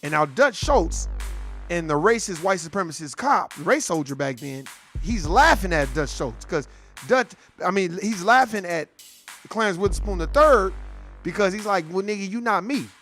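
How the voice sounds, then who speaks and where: Heated high-voiced man ranting. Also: animated, moderate pace, a bit bright, soft background music. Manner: profane, heated, repetitive, street slang. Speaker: commentator. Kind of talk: political rant monologue.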